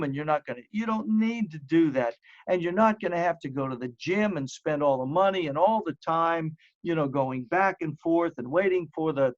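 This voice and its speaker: Middle-aged guy, kinda high voice, chatty fitness walkthrough, muffled lo-fi sound. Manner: chatty, upbeat, repeats phrases for emphasis. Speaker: wellness presenter. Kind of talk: home fitness presentation. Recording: dull lo-fi audio.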